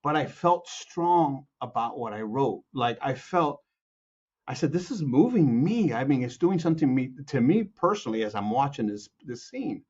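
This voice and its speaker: A man from Chicago, a composer and guest, telling anecdotes with lively acted-out quotes, many restarts and laughs. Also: medium pitch, normal speed, lo-fi sound. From Chicago, USA. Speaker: music producer and film composer, guest. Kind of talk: animated anecdotal storytelling.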